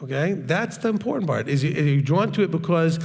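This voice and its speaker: A man's voice: fairly high pitch, expressive, a little fast, gravelly, a little mellow. A man teaching in a Q&A session, talking in a hard, straightforward and blunt way. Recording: long reverb, echoey hall.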